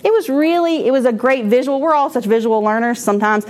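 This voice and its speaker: A woman shares a personal testimony with a church class. Her voice sits a little on the high side. She talks candidly and loosely, breaking off and restarting her sentences and laughing as she goes. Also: fast. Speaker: speaker at a church moms' class.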